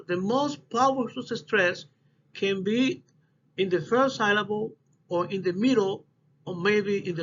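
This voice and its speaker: A high-voiced man gives a class presentation at a slow, careful pace, often stopping to restart his phrases. The recording is dull and lo-fi, with faint hiss underneath. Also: a bit bright. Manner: halting, restarts phrases, non-native English phrasing. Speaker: student presenter.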